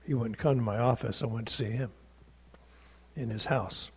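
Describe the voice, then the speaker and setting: A man's voice: medium pitch, fairly even intonation, normal speed, husky. A man pastor telling a story in a sermon, plainly and conversationally, acting out the dialogue.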